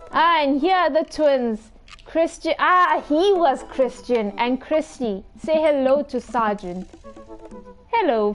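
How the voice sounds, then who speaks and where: Playful high-voiced woman reading a game. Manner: playful, giggly, teasing asides. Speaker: gaming video host. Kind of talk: reading a dating game aloud with live commentary.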